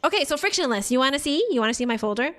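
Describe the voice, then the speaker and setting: Chatty woman streamer, rather high voice. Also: lively intonation, very fast, fairly bright tone, faint music behind. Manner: chatty, talks to chat viewers by name, laughs often. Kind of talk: casual live-stream chat.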